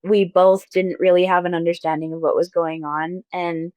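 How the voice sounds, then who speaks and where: Young woman guest, lowish pitch, dry close sound, hesitant with many fillers. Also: little pitch movement, normal speed, clear, resonant tone, no echo, muffled recording. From Mormon-majority town in the US. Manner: soft, hesitant, many likes and restarts. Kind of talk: personal storytelling interview.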